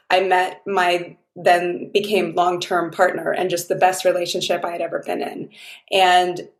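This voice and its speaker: A woman's voice: fairly low pitch, echoey room. A woman guest on an interview show, telling stories in an effusive, heartfelt, rambling way. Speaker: guest, dating mentor. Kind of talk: casual interview chat.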